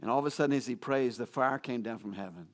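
A man's voice: mid-range voice, quick pace. A man preaching a sermon, retelling a Bible story in a conversational way and acting out the quotes, with fillers and restarts. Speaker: pastor.

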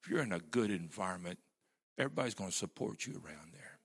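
Man preaching, gravelly voice, bright tone, emphatic storytelling. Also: low voice, expressive, fast. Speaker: pastor. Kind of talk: sermon.

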